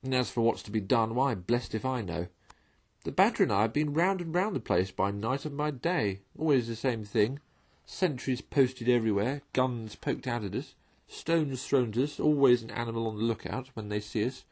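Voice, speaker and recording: A man voicing a hungry, grumpy, excitable male mole in a storybook reading, high and fussy. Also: normal speed, natural voice.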